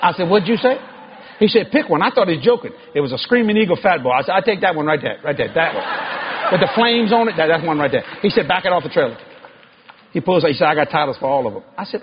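A husky, fairly high-voiced man, preaching in a folksy, storytelling way. He breaks into laughing asides and climbs to loud, emphatic peaks. The recording sounds dull and lo-fi, like an older sermon tape. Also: quick pace. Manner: folksy, animated, laughing asides, rising to shouts.

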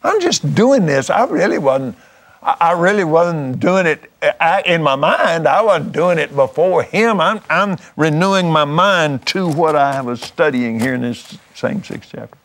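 A man's voice: on the high side, animated, measured pace, fairly bright tone. A man preaching, telling a testimony story in a fervent, folksy way, often restarting his words.

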